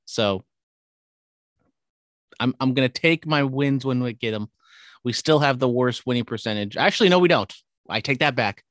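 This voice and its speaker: A man's voice: medium pitch, lively intonation, normal speed, long pauses, fairly bright tone, no room sound. Dry, upbeat male sports podcaster. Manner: upbeat, wry, jumps between stats and jokes. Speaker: podcast co-host. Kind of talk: casual sports chat.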